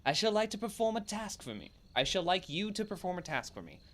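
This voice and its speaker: A pompous, formal town benefactor, read out by a man from a fantasy game. The lines come quick and lively, rising and falling as he plays up the stately wording. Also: sits high, pitched above the performer's own voice. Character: self-important male local benefactor.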